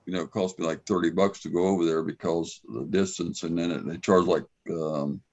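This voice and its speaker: A man's voice: low-pitched, fairly even intonation, fairly quick, darkish tone. A man chatting casually about fishing, laid-back as he lists places. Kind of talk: casual chat.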